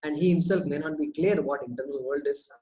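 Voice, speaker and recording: A man leading a question-and-answer teaching session, lively, with lots of rhetorical questions and repeated words as he works through a point. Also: a little high, fairly quick, low-quality recording. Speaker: spiritual teacher.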